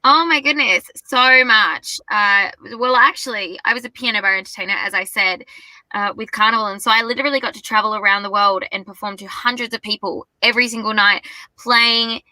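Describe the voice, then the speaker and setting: A young woman talks excitedly in a casual interview. Her voice is very bright and tense in tone, and the recording is dry with almost no room sound. She gushes and piles on enthusiasm. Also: fairly high pitch, a little fast, no room sound, poor audio. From Australia. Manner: bubbly, effusive, gushing. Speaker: singer-songwriter guest.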